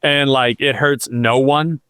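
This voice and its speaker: A man in his thirties talks as a guest on a casual podcast, circling through his stories with lots of fillers and restarts. He is candid and openly emotional. His voice is smooth and resonant, and the recording is close and dry. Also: mid-range voice, fairly even intonation, slow pace, fairly bright tone, no room sound. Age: 30s. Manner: rambling, filler-heavy storytelling.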